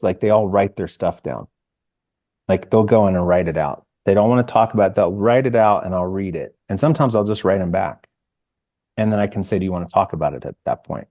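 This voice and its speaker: Earnest guy about fifty, low mellow voice, dry close sound, stops and restarts a lot. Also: no echo. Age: around 50. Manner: earnest, halting, with many restarts and "like". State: emotional, near tears. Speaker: podcast guest, singer-songwriter. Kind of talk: reflective interview conversation.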